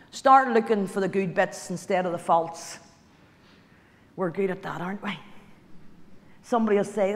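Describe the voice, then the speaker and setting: A woman giving a motivational talk to an audience, chatty and direct, repeating key lines for emphasis. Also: mid-range voice. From Ireland. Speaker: motivational guest speaker. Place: large hall. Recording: hall reverb, stage speech.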